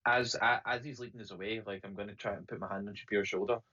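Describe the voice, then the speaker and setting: A man's voice: on the low side, steady tone, fast, sharp tone. A man playing in a tabletop game, easygoing and a bit hesitant, on a muffled, distant voice-chat mic. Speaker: player. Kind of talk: casual tabletop play.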